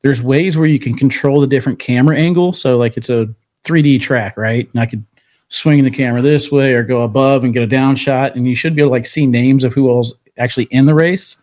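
A man's voice: medium pitch, fairly quick, darkish tone. Chatty male podcast co-host on a video call, mid-range voice, easy and upbeat. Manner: chatty, hypes things up, laughs between lines. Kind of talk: casual chat. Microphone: remote video call.

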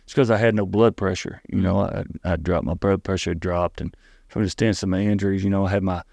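A middle-aged man with a Tennessee Southern accent, telling his story as an interview guest in an earnest, halting way, often restarting and repeating words. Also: deep voice, fairly even intonation, vocal fry, darkish tone, no echo.

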